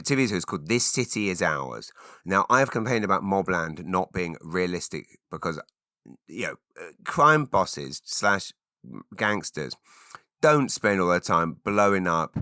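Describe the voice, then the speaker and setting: A man in his forties hosting a rambling, animated solo chat, answering listener questions with sudden loud exclaimed bursts. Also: sits low, no room sound, clean studio sound. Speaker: podcast host.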